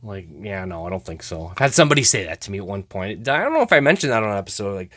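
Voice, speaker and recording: A man hosting a hockey card show, casually rambling as he opens cards, hedging with many trailing remarks and breaking into excited laughs. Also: on the low side, very fast, no room sound, studio quality. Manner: hesitant, rambling, many trailing 'I don't know's; laughs easily, bursts into excited outbursts. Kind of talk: casual card-opening commentary.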